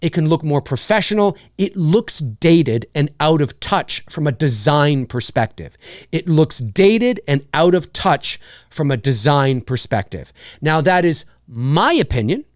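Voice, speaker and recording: Man, host of a live show, animated casual opinion talk, high voice that jumps around, dry close sound. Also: a little slow, no room sound. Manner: animated, repeats phrases, frequent restarts.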